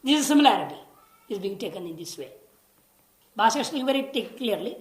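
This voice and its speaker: Woman teaching scripture, bit high voice, repeats stuff patiently, echoey room. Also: expressive, a little fast. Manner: explains patiently, repeating key words and chanting Sanskrit lines. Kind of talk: lecture on scripture.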